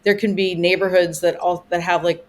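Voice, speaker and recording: A woman talking as a podcast guest in casual conversation, chatty and rambling, with plenty of "you know" and animated retellings. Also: on the low side, normal speed. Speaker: podcast guest, vacation rental owner.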